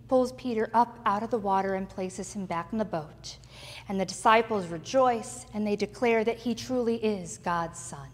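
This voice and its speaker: High-voiced woman preaching in a reverberant church. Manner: dramatic storytelling with pauses. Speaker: pastor. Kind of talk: sermon. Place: church sanctuary.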